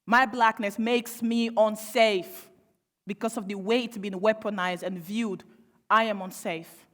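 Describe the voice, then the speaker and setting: A young woman delivers a public speech in an impassioned, pointed way. She leans on rhetorical questions and dry sarcasm. Her medium-pitched voice carries long reverb from a large hall. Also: steady tone, unhurried. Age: young adult. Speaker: panel speaker.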